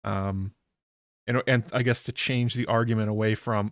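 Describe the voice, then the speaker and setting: A man's voice: lowish voice, fairly even intonation, moderate pace, dry recording. Man rambling casually, dry close sound. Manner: rambling, with frequent "um" fillers. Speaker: podcast host. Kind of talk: casual TV episode recap.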